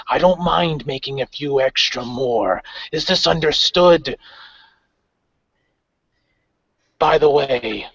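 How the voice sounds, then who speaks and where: Man voicing a calm threatening gang leader, tabletop game, dry dull sound. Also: medium pitch, husky, dry recording. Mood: menacing. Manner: measured, menacing calm. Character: grim cold male gang leader, phantom-like. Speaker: player voicing his character.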